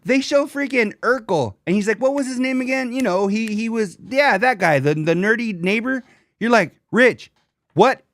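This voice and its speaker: A young man co-hosting a casual comedy podcast, animated and swearing, slipping into mocking voices of others. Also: sits high, moderate pace. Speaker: podcast co-host.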